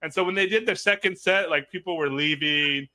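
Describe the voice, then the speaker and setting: A man's voice: fairly high pitch, brisk, bright, forceful tone. A man telling a rambling story in casual chat, full of fillers and acted-out quotes. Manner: rambling, many fillers, acts out quoted people. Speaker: podcast host.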